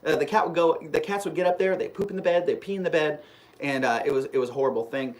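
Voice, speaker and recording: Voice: medium pitch, fast talker. A live stream host telling a long personal story in a casual, rambling way, full of restarts, and replying to viewer comments. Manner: rambling and animated, with frequent restarts; reads viewer comments aloud and replies.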